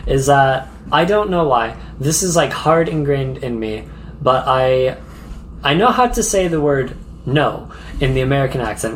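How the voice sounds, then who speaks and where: A man's voice: mid-range voice, lively intonation, unhurried, a little hiss or hum. A man co-hosting a laid-back travel podcast, his voice sitting in a mid range. He rambles through stories with lots of ums and frequent giggles. Faint room ambience hums behind him. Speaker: podcast co-host. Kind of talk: casual travel podcast chat.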